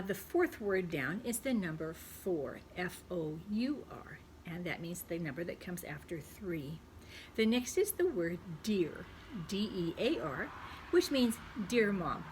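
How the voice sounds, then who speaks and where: A woman leads a spelling lesson for second graders. She sounds out each word slowly and clearly, spelling it letter by letter. A faint hiss of background noise sits under her voice. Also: on the low side. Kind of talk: recorded spelling lesson for children.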